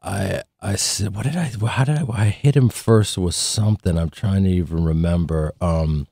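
Male guest actor, studio radio chat, slightly low voice, dry booth sound, animated storyteller. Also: normal speed, gravelly, no echo. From Chicago. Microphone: studio microphone.

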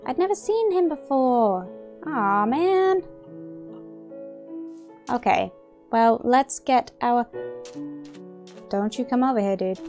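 A young woman commenting on her own game play, excitable and gasping, rambling as she plays. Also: on the high side, slow, long pauses, soft background music. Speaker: gaming YouTuber.

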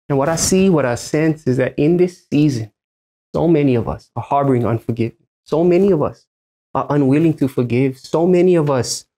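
A pastor from Hawaii in his thirties preaches a sermon from a church stage, speaking emphatically and repeating his main points so they land. His pitch is mid-range for a man, and his tone is warm with a breathy edge.

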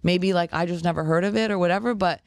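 A woman's voice: fairly low pitch, quick pace, creaky, no echo, clean studio sound. A woman guest who owns a martial arts gym, telling stories in a casual interview and laughing easily. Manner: lively storyteller, laughs easily. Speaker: podcast guest, jiu-jitsu gym owner and coach.

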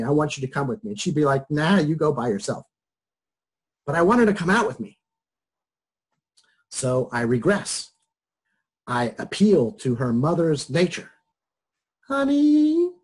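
A man's voice: medium pitch, husky. A middle-aged man teaching psychology over a video call, talking casually, joking and chuckling through personal examples. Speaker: psychology instructor. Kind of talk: casual online lecture.

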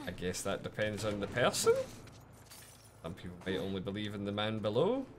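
A man giving casual, lively commentary while streaming a game, chatting with viewers and swearing often. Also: on the low side, moderate pace, slight background noise.

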